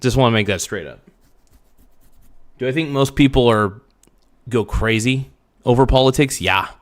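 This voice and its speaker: A man's voice: medium pitch, normal speed. A young man hosting a livestream, ranting bluntly and profanely to his chat with frequent restarts. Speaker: livestream host. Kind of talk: casual livestream rant.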